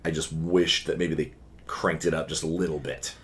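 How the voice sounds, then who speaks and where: A man co-hosting a casual podcast chat, opinionated and animated, with frequent restarts. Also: a bass voice, moderate pace.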